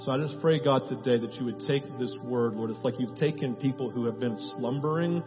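A man's voice: medium pitch, a little fast. Preaching man in an echoing church hall. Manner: swings from loud urgent preaching to hushed prayer. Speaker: pastor. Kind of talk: sermon and prayer. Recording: muffled sound in a reverberant hall with faint music.

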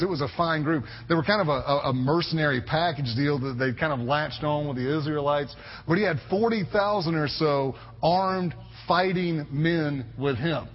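A man's voice: a little high, slightly rough. A man in his thirties preaching a sermon as a pastor, emphatic and conversational, repeating his phrases for weight. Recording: echoey hall, dull lo-fi sound.

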